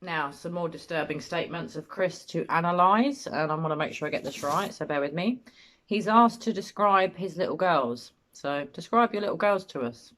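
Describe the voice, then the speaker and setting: A woman's voice: on the low side, normal speed, a bit bright. A British woman giving opinionated, blunt analysis as host of a commentary video.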